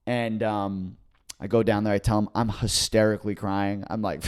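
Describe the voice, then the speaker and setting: Animated young man telling a story. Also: brisk, clear, resonant tone. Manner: animated, acts out quotes with big pitch jumps. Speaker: podcast co-host. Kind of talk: casual storytelling chat.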